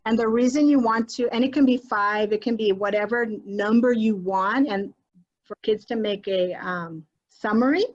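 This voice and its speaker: A woman's voice: a little high, moderate pace, dull audio. A woman leading an online workshop for teachers in a chatty, encouraging way, mixing in Spanish phrases, recorded on a computer mic during a video call. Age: adult with a child. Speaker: teacher leading a training for educators.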